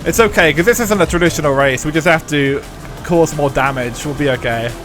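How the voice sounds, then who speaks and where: A man's voice: on the high side, brisk, over music. Casual swearing young male streamer. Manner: casual, swearing, rambling with fillers. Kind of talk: live gameplay commentary and chat.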